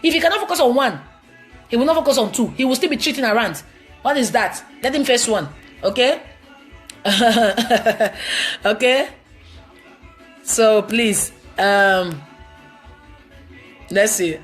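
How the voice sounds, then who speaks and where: A woman's voice: a little high, animated, takes it slowly, pauses often, faint music behind. A woman with a Nigerian accent answering viewer questions on a live stream, giving blunt, emphatic, preachy relationship advice.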